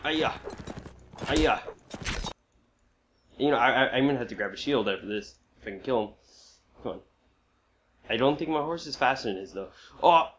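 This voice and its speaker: A man commentating while he plays a video game, reacting with frequent excited outbursts and exclamations. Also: medium pitch, fast talker, slight background noise. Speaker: gamer. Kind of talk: gameplay commentary.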